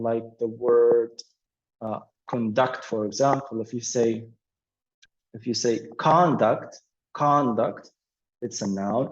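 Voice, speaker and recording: A man's voice: mid-range voice, mellow. A man teaching an English pronunciation and vocabulary lesson, patient, with many fillers and repeated words. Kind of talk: explaining a language lesson. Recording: dull lo-fi audio.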